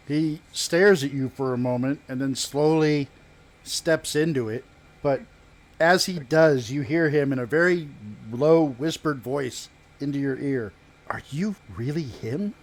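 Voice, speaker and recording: A man running a tabletop game as game master, narrating the scene in a halting, measured way with pauses and restarts. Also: medium pitch.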